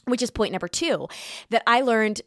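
A woman hosting a podcast, giving an earnest, animated monologue in a casual, conversational way. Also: a little high, moderate pace, no room sound, studio quality. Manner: animated, earnest, talks with her hands. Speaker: podcast host.

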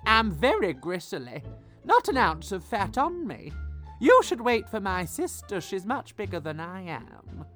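A man voicing a crafty, polite young female goat in a storybook, speaking high and pleading. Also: big pitch swings, measured pace, fairly bright tone, soft background music, exaggerated voice.

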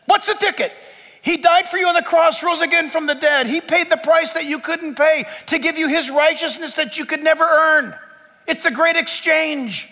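A man preaching a lively sermon in a church, acting out the voices of his listeners. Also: extremely high pitch, normal speed. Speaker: pastor. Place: church sanctuary before a congregation. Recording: long church hall reverb.

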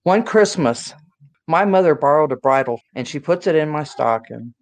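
A middle-aged woman from the Dallas area telling stories in a lively, chatty way, full of "you know.". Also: sits low, normal speed. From Dallas area, Texas. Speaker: guest. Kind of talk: casual storytelling chat.

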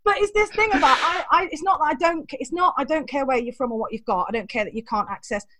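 A woman speaks in a high, bright register at a rapid clip. She tells stories with energy, acting out the voices of the people in them and laughing along the way, in an interview setting. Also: a little hiss or hum. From England. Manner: animated, acts out voices in her stories, laughs often. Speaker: guest, teacher trainer. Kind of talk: storytelling interview.

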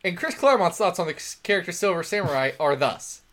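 Animated joking male podcast co-host. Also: high voice, fast. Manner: jokey, animated, mock accents. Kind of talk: casual podcast chat.

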